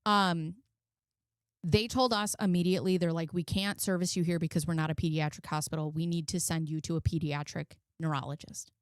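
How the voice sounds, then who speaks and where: A woman's voice: sits low, steady tone, fast talker, few pauses, a little mellow, no echo, studio quality. A woman in her forties talking casually and bluntly, swearing often as she tells a personal story on her commentary channel. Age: 40s. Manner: blunt, frequent swearing, emotional. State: close to tears.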